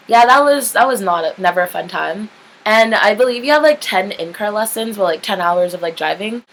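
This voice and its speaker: A woman's voice: mid-range voice, a bit bright, low-quality recording. A young woman vlogger telling a story in a casual, rambling way, saying "like" constantly and swearing freely. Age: young adult. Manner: chatty, rambling, heavy use of "like", candid swearing.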